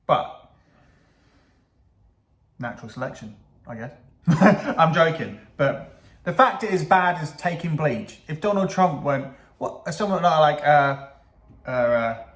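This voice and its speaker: Guy ranting about the news, sarcastic, swears a lot, bit high voice, echoey room. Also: expressive, slow, pauses often, fairly bright tone. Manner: sarcastic, swears, laughs at own jokes. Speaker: YouTuber reacting to news clips. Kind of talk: casual reaction commentary.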